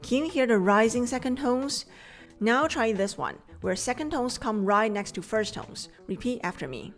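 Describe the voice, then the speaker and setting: Mandarin-native female teacher, 30s, calm and clear for a tone lesson. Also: medium pitch, soft background music. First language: Mandarin Chinese. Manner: clear, measured explanations with slow modeled drills. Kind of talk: scripted language lesson.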